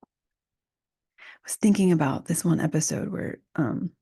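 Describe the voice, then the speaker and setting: A woman hosting a reflective solo podcast, speaking softly and often in a half whisper, musing aloud with frequent restarts. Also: low voice, slow pace, breathy edge, no echo, clean studio sound. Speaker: podcast host.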